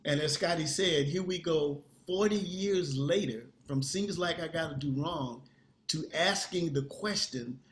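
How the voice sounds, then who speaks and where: A man's voice: fairly high pitch, measured pace, a little hiss or hum. An older man with a somewhat raised voice, speaking with conviction as a singer in an interview. His words come earnest and firm. There is an echo of the room around him. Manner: earnest, emphatic. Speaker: guest singer. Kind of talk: interview conversation.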